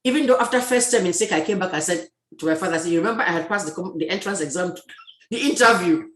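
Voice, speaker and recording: A woman hosting a talk show in a casual video chat, lively and full of restarts and repeated words. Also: on the low side, racing, roomy sound, slight background noise. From Cameroon. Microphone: video call.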